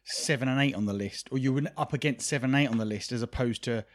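A man's voice: mid-range voice, quick pace. A man co-hosting a casual podcast, jokey and a little hesitant as he thinks aloud. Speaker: podcast co-host. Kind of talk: casual chat.

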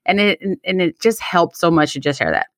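A woman's voice: lowish voice, lively intonation, brisk, no echo, clean studio sound. A young adult woman co-hosting a podcast, telling a candid personal story with Spanish phrases and some swearing. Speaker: podcast co-host. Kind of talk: casual chat.

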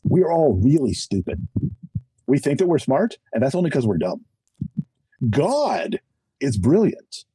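A middle-aged man speaking as a podcast guest, his husky, mellow voice swinging widely in pitch as he preaches with emphasis. He pokes fun at himself along the way. The sound is close and dry. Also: big pitch swings, measured pace, pauses often, dry recording, poor audio. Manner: self-deprecating humor. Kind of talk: animated conversational testimony.

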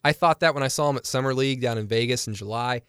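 A man's voice: mid-range voice, fast, a bit bright, clear, resonant tone, no echo, studio quality. Young male podcast co-host, analytical and chatty, clean resonant tone. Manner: chatty and analytical, laughs easily. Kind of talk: casual sports talk.

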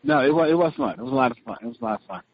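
A man's voice: mid-range voice, very fast, husky, dry recording. A man hosting a podcast, talking in a rambling way with many fillers and restarts. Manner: rambling, filler-heavy, self-correcting. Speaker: podcast host. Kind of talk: casual chat. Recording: dry dull lo-fi podcast audio.

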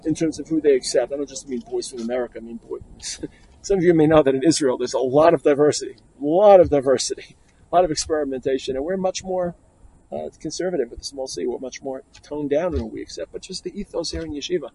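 Gravelly-voiced rabbi telling a story. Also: male voice, a little high, fast talker, mellow, slight background noise, poor audio. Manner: earnest, reflective storytelling. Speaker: rabbi teaching at a yeshiva. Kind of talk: talk to yeshiva students.

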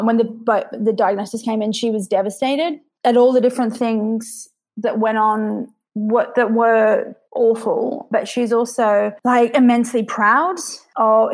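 Emotional, reflective woman telling her story. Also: a little high. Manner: emotional, reflective, with frequent restarts. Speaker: podcast guest, author. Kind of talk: candid conversational interview.

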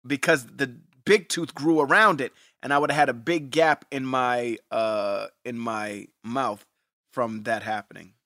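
A man's voice: medium pitch, unhurried, fairly bright tone, dry recording, studio quality. A middle-aged man co-hosting a podcast, chatting loosely and profanely and laughing often. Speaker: podcast co-host. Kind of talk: casual rewatch chat.

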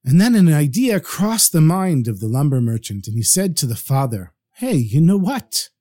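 Guy telling a story, really animated, warm dark tone. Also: fairly high pitch, moderate pace. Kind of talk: spoken story narration.

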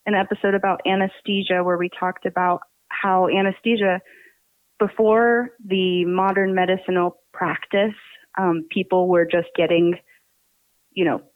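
A woman's voice: lowish voice, little pitch movement, moderate pace, dry recording. A woman with a New Jersey accent, chatting casually as a podcast guest, laughing often and swearing freely. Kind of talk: casual interview chat. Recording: tinny phone line.

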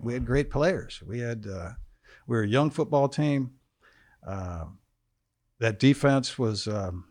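Older guy, low voice, easygoing rambling stories in a studio. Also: a little mellow, no room sound. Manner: laid-back, wry, trails off in long anecdotes. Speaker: guest, former football quarterback. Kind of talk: casual storytelling.

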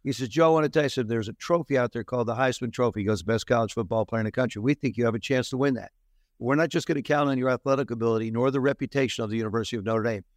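Older man, interview guest, animated storyteller, dry studio sound. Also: mid-range voice, rapid-fire, no echo. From New Jersey. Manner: animated anecdotes with laughs and restarts. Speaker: interview guest, former quarterback.

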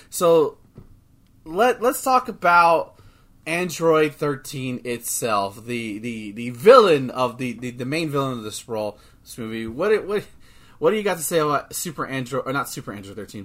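Man, podcast co-host, casual chat, excitable, swears a lot, lots of restarts, mid pitch.

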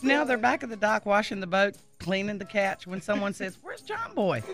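A man's voice: sits high, fairly quick, music in the background. A man on a morning radio show reading out a listener's comic letter, laughing as he goes. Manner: laughing through a comic story.

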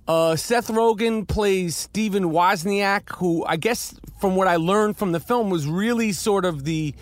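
Rambling, profane man with a high voice. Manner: rambling, profane and fiery, with many restarts. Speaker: podcast host and actor reviewing a film. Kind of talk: casual spoken film review while walking outdoors. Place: city street outdoors.

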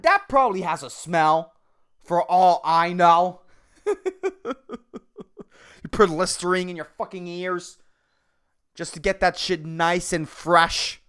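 Laid-back guy rambling on his podcast, slow and unhurried, cusses a lot, keeps saying dude. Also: smooth. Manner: rambling, profane, peppered with "man" and "dude"; low, soft-spoken drawl. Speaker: podcast host. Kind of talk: casual solo podcast rant.

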